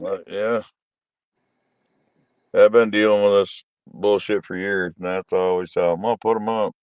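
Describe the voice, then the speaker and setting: A low-voiced man speaking bluntly and boastfully as a guest dog breeder on a podcast. His tone is smooth and resonant, recorded close and dry. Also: flat delivery, a little slow, a little mellow, no echo. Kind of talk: casual podcast chat.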